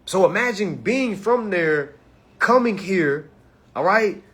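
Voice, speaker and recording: A man speaks in with a somewhat high, husky voice. He lectures his viewers in a casual monologue. He keeps checking in with "all right?" after nearly every point. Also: lively intonation, slow, fairly bright tone. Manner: preachy, repeats "all right?" often. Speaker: commentator.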